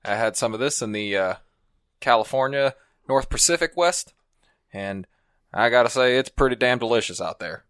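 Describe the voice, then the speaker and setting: A man's voice: mid-range voice, moderate pace, fairly bright tone, smooth, no room sound, studio quality, lightly acted. A man putting on a folksy, drawling old cowboy voice.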